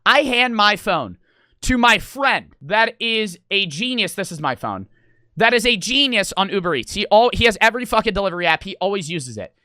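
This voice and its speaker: A young man tells a story on stream in an animated, excitable rush, swearing freely and hitting his words hard. His voice is bright and forceful, with a lively pitch that jumps all over. The sound is close and dry. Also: dry recording. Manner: excitable, swears a lot, rapid and emphatic. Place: gaming house room.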